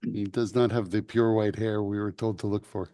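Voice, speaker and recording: A man's voice: on the low side, flat delivery, normal speed, dark tone. A man playing a tabletop game, describing his character's actions while thinking aloud. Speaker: player.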